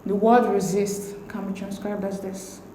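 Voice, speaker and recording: A woman explaining exam answers as a tutor, reading each option in a measured, methodical way. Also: mid-range voice, level tone, warm tone. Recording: roomy echo with faint hiss.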